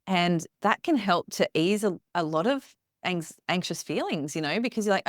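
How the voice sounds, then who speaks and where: A woman's voice: lowish voice, expressive, moderate pace, few pauses, no echo, studio quality. A woman speaking as a podcast guest, thoughtful and reflective. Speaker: podcast guest, yoga practitioner. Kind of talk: conversational interview.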